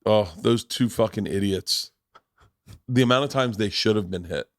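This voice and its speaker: A man's voice: on the low side, moderate pace, no room sound, studio quality. A man in his forties, a podcast host, telling family stories in casual chat, swearing freely and acting out the people in them. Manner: profane, animated storyteller acting out family members.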